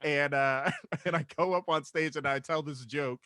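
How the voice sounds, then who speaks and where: Bright-voiced man telling a profane story. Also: a little high, normal speed, no room sound, clean studio sound. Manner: loose, profane, laughs through his story. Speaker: stand-up comedian, podcast regular. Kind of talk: casual storytelling chat.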